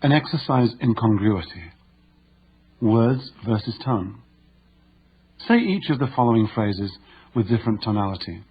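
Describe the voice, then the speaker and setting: A man narrating a nonfiction audiobook in a measured, instructive way. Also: lowish voice, lively intonation, breathy edge, muffled recording.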